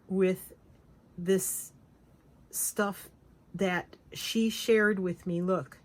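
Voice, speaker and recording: A woman vlogger showing off craft papers and fabrics in a gushing, excitable, casual chat, often trailing off and restarting. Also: medium pitch, very slow, long pauses. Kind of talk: casual show-and-tell chat.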